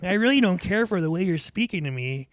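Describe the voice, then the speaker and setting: A man's voice: on the high side, expressive, unhurried, a little mellow, no echo. A man voicing a prim, polite female rental clerk without trying an accent.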